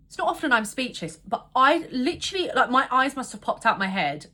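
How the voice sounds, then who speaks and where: A woman's voice: sits high, normal speed. Exasperated woman ranting a storytime. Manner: exasperated, swears a lot, animated. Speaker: vlogger. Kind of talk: casual storytime vlog.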